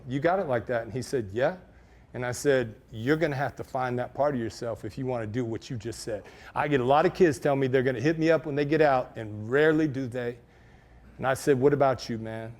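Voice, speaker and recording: A man's voice: fairly high pitch, darkish tone. A middle-aged man telling a personal story to an audience in a casual, slangy, conversational way. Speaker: speaker.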